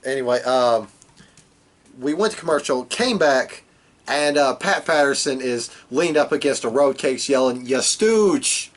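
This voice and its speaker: A man's voice: medium pitch, normal speed. A man co-hosting a podcast, casually recapping wrestling with dry joking asides. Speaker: podcast co-host.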